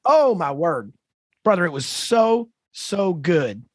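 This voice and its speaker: A man in his fifties, a podcast co-host, telling a story in an animated, emphatic way with lively asides. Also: high voice, slow, no room sound. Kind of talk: conversational storytelling.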